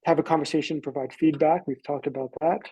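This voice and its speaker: A man's voice: on the high side, steady tone, fast talker, warm tone, slightly rough, no room sound, muffled recording. An American man presenting a webinar lesson in a casual, loose way, with many fillers and restarts.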